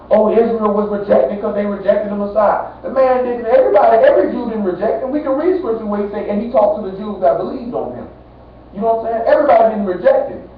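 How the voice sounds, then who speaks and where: High-voiced man teaching, echoey and distant. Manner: conversational, street-talk preaching with constant "you know what I'm saying"; quotes scripture, then explains it plainly. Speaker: bible teacher. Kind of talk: informal bible teaching. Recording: distant, tinny, very echoey lo-fi recording with faint hiss.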